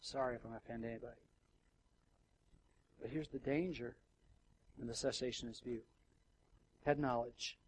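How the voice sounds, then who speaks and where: A middle-aged male pastor preaching a sermon in a conversational way, swinging from hushed, quiet passages to loud, emotional outbursts. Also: medium pitch, steady tone, moderate pace, long pauses, slight background noise, rough recording. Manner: conversational with fillers and restarts.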